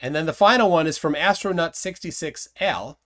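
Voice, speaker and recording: Lively male live-stream host. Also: a little high, fairly quick. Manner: lively, reads viewer comments aloud, questioning. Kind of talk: casual live-stream chat reading comments.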